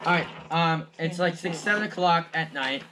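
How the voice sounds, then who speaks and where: A man's voice: a little high, moderate pace, background noise. A male game master narrating a tabletop game, rambling with many restarts.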